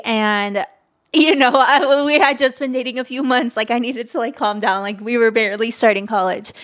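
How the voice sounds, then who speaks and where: A woman's voice: fairly high pitch, steady tone, moderate pace, fairly bright tone. Chatty young woman podcast host. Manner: chatty and gushing, heavy use of "like" fillers; often emotional and giggly. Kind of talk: casual solo storytelling.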